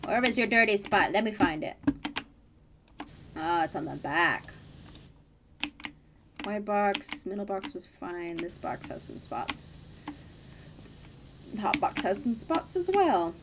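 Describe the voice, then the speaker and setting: A woman's voice: medium pitch, expressive, slow, long pauses, noisy background. A young woman chatting casually while streaming a game, laughing often and swearing offhandedly. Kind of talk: casual gaming stream chat.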